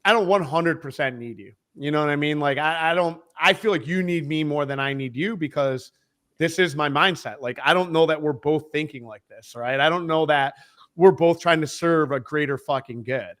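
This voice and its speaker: Guesting on a podcast, a man who heads sales rambles casually about selling, emphatic and profane. He speaks at normal speed in a somewhat bright, higher-pitched voice.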